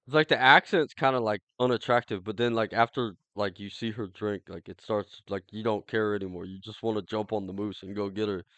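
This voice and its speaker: A man's voice: fairly low pitch, fairly even intonation, a little fast, hardly any pauses, fairly bright tone, dry recording. A man hosting a podcast in casual chat, crude and teasing, swearing freely as he talks. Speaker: podcast host.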